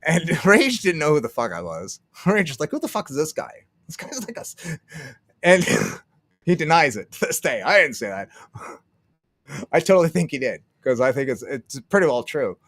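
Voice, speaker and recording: A man's voice: fairly high pitch, sing-song, moderate pace, a bit bright, no room sound, clean studio sound. A man from Canada hosting a casual livestream, rambling and swearing, laughing often and acting out what others said. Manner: rambling, profane, laughs often, acts out quotes. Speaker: streamer.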